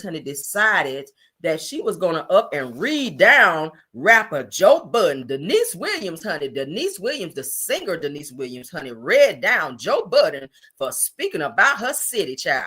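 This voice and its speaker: A woman hosting a gossip show, talking in a sassy, animated casual way, full of "honey" and "child". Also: medium pitch, moderate pace. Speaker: host.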